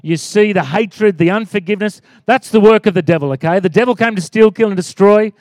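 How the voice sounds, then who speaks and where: A man, preaching a sermon as pastor, animated and calling out for amens. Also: high-pitched, brisk, no room sound, clean studio sound. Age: 40s. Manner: animated, rising to loud exclaims and calls for amen.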